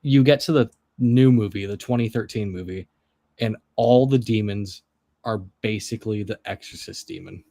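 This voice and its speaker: A man's voice: fairly low pitch, normal speed, warm tone, dry recording. A man co-hosting a stream, talking casually and rambling with laughs. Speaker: stream co-host. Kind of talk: casual chat.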